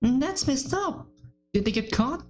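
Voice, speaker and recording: A woman's voice: high-pitched, lively intonation, a little slow, darkish tone, pitched above the performer's own voice. A woman voicing a blunt, fiery, protective small teenage girl in a visual novel game. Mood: concerned. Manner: brash, protective.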